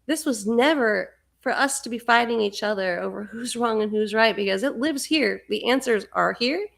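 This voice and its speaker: A woman's voice: fairly high pitch, moderate pace, gravelly. A middle-aged woman hosting a livestream, talking fervently in a rambling spiritual monologue and often repeating words. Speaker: livestream host.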